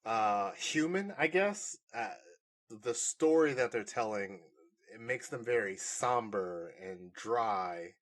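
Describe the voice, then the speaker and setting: A man co-hosting a podcast, chatting casually through a movie review in a rambling, animated way and laughing often. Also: fairly low pitch, slow pace. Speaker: podcast co-host.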